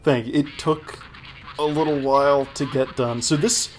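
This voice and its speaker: A man's voice: a little high, fairly even intonation, moderate pace, a little hiss or hum. A man casually explaining how he made his video, with rambling, self-deprecating remarks. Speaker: video creator giving commentary. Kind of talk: casual commentary chat.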